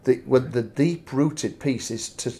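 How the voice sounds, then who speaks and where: A man's voice: mid-range voice, unhurried, warm tone. A man hosting a conversational interview, often restarting and repeating words as he frames his questions. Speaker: podcast host.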